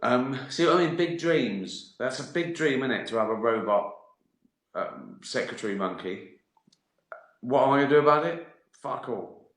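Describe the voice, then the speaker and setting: A comedian chats casually with livestream viewers, rambling, mocking himself and drifting into tangents. His medium-pitched voice is expressive and a bit bright, at a moderate pace. The room sounds roomy and echoey.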